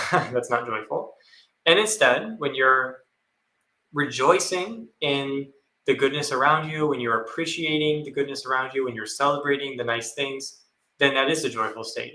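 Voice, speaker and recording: Monk explaining a teaching, bright voice, kinda echoey room, acts out little voices as examples. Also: male voice, mid-range voice. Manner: thoughtful, repeats phrases, acts out inner voices. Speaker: monastic panelist. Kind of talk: dharma talk answering a question.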